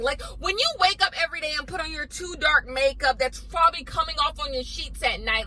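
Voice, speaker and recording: High, bright-voiced woman ranting bluntly. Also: animated, moderate pace, poor audio. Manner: blunt, emphatic, repetitive. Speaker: commentary vlogger. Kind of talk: ranting commentary.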